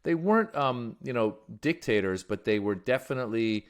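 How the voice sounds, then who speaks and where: A man from Iran, a guest comedian, telling stories in a casual, animated way. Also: mid-range voice, normal speed. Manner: animated storyteller. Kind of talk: casual storytelling.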